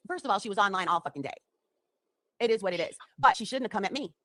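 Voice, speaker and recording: A woman's voice: medium pitch, lively intonation, fast talker, pushed and bright, dry recording. A woman on a livestream, heatedly accusing someone and swearing. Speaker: livestreamer in a clip. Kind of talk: confrontational livestream rant. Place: home.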